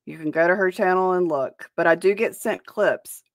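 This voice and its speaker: A woman's voice: on the low side, normal speed, no echo, clean studio sound. A woman hosting a reaction commentary show, talking in a blunt and profane way. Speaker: host.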